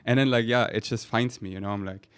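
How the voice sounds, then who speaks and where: A young man with a German accent, hosting a casual podcast chat in an animated, rambling way with lots of "like.". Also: medium pitch, fast talker, smooth. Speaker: podcast host.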